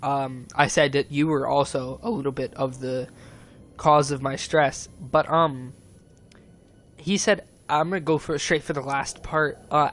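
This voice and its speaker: A man's voice: medium pitch, steady tone, unhurried, fairly bright tone. A young man in his teens, rambling and upset as he vents on a stream, swearing a lot. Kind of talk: casual venting monologue.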